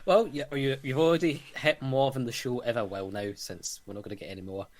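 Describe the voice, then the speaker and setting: A man's voice: mid-range voice, steady tone, normal speed, a little mellow. A man with a Scottish accent, co-hosting a casual podcast over a call and laughing often between phrases. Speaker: podcast co-host. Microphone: remote call mic.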